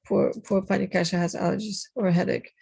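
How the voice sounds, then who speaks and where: A woman's voice: mid-range voice, fairly even intonation, fast talker, creaky, darkish tone, slightly rough, dry recording. A woman teaching a Polish class over a video call, patiently explaining phrases and encouraging her students. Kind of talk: online language class. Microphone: computer mic on a video call.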